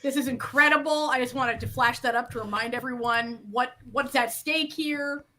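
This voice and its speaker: A playful, enthusiastic woman co-hosts a casual chat. Her voice is high and bright. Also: steady tone, moderate pace. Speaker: podcast co-host.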